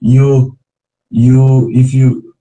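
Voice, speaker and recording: Halting Russian-accented man, mellow mid voice, roomy far-off webcam sound. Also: medium pitch, little pitch movement. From Baltic states. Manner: halting, swears casually. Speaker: video chat stranger. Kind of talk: casual video chat. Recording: echoey, far from the mic.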